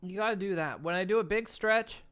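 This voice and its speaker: A man's voice: sits high, a little fast, a bit bright, clear, resonant tone. A man chatting casually on a long live stream, laid-back and rambling, laughing often and yawning between lines.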